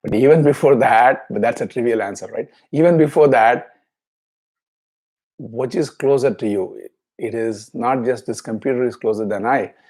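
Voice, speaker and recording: A man teaching a scripture class, explaining each word slowly and chanting verses twice. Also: medium pitch, a little mellow.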